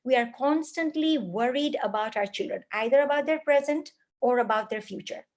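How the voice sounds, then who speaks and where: Earnest woman lecturing, slightly high voice. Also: normal speed. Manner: earnest, lists things in repeated phrases. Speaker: parenting speaker. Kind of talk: spoken lecture.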